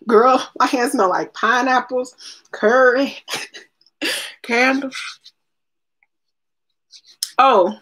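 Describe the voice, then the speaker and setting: On the high side, fairly bright and slightly rough, this woman's voice carries a casual live stream. The unboxing vlogger opens products, chats, speaks to viewers by name, and often laughs.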